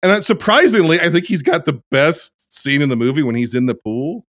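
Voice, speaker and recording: A man co-hosting a casual film podcast, rambling through plot details and often trailing off quietly. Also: on the high side, big pitch swings, a little fast, no room sound, studio quality. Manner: rambling, trails off softly, many fillers. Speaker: podcast co-host.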